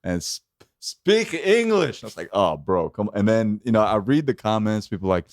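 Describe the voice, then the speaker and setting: A comedian guest on a podcast, a man with a lowish voice talking through his experiences in a quick, reflective way. The sound is dry and close, with no room echo. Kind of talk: casual podcast chat.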